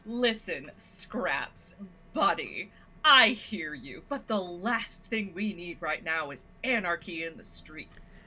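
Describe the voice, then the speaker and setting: A woman voicing a male dog who is an evasive, placating town mayor, dropping into a lower voice. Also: lively intonation, slow pace, bright, forceful tone, heavily acted, low-quality recording.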